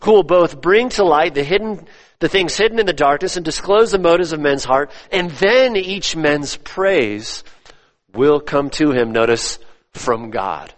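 A man preaching a sermon, emphatic, repeating his phrases and swinging between loud stresses and hushed drops. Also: a little high, expressive, measured pace. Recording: long reverb of a church hall.

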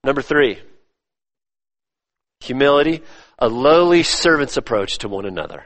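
A man preaching a sermon, emphatic, repeating his phrases and swinging between loud stresses and hushed drops. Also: medium pitch, lively intonation, moderate pace. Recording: long reverb of a church hall.

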